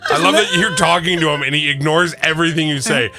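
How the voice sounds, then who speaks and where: A man's voice: on the high side, fast, sharp tone, faint music behind. A man co-hosting a podcast, chatting casually in a dry, teasing way. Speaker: podcast co-host. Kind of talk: casual chat.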